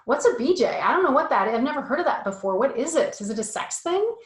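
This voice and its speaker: A blunt, curious ten-year-old boy, put on by a woman asks question after question in a raised, excited voice. He sounds pitched well above a grown woman's and louder. It is recorded in a roomy, echoey space. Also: fast, exaggerated voice.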